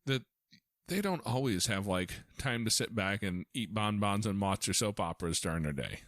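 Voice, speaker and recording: A man's voice: lowish voice, normal speed, no room sound, clean studio sound. A man hosting a podcast as a foster parent, telling stories casually with lots of restarts. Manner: storytelling, animated, frequent restarts.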